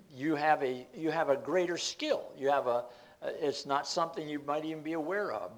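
A man's voice: a little high, poor audio. An older man giving an informal Bible study talk, explaining word meanings step by step in a meandering way.

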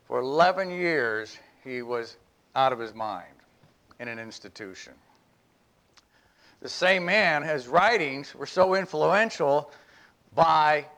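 A man preaching an earnest, emphatic sermon and reading a text aloud to his congregation. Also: fairly bright tone. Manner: earnest, emphatic, rises in pitch when reading. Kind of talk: sermon with read-aloud passage.

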